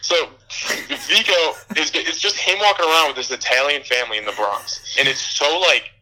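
In a laid-back film review conversation, this young podcast co-host rants furiously and swears, breaking into laughter along the way. He speaks at a normal pace in a somewhat high, sharp voice, recorded with poor audio.

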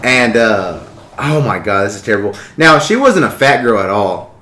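A young man casually telling a crude, animated story on a podcast. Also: on the low side, moderate pace, slight background noise. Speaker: podcast co-host. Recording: echoey room.

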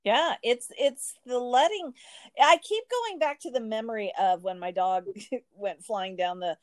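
A woman's voice: fairly high pitch, unhurried, dry recording. A woman in casual podcast conversation, telling a personal story animatedly, often restarting her sentences.

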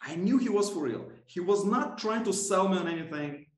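A man's voice: high-pitched, animated, normal speed, reverberant, poor audio. A man telling a personal story as a podcast guest, rambling with many restarts and self-corrections and laughing often. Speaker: podcast guest, coach and author. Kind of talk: casual storytelling interview.

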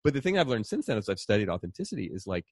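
A middle-aged man, an author and speaker, telling stories in an animated conversational way and acting out quoted voices. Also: on the low side, rapid-fire, no echo, clean studio sound. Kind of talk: conversational storytelling.

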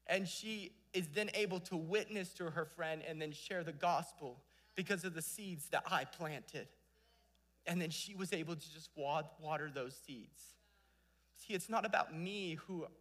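A young man preaching a sermon with passion, swinging between loud exhortation and hushed storytelling. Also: sits high.

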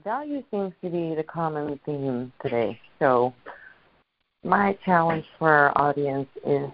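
A woman co-hosting a podcast, telling family stories in a warm, anecdotal way. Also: low voice, lively intonation, measured pace. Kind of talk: casual storytelling chat. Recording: dull sound.

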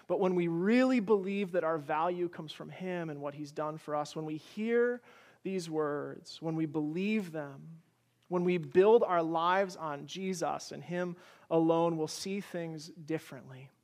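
A man preaching a sermon as pastor, earnest and pleading, asking one rhetorical question after another and sharing gentle personal stories. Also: fairly high pitch.

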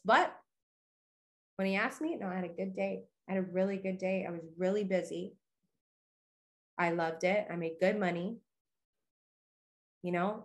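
A young woman hosting a podcast, giving a casual motivational monologue in a chatty, upbeat way full of "you know" and "okay". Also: fairly low pitch. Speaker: podcast host.

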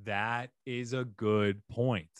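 A podcast co-host in casual comedic chat, animated and quick to laugh. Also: medium pitch, smooth, no echo. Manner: animated, laughs often, slips into goofy impressions.

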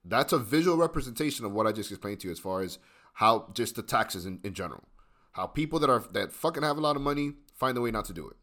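Animated, profane man ranting. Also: mid-range voice, fast talker. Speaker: podcast host. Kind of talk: casual podcast chat.

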